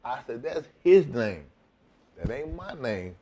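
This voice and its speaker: A former wrestler, appearing as a guest in a casual chat, tells a profane backstage story, acting out both sides of the conversation in an animated retelling. His voice is mid-range and his pace slow.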